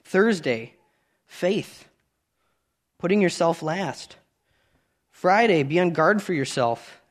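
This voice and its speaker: A man in his thirties preaching a sermon, earnest and conversational, rising loud on key points and dropping to quiet asides. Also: a little high, expressive, slow pace.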